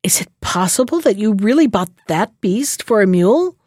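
A woman's voice: medium pitch, expressive, moderate pace, darkish tone, no echo, studio quality, close to an everyday voice. A woman voicing a cunning male swindler in a storybook reading, speaking with put-on astonishment. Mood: mock-astonished.

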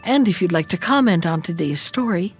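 A woman reading a fairy tale aloud as the storyteller of the show, rising high and animated in tense moments. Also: fairly quick, slightly rough, soft background music.

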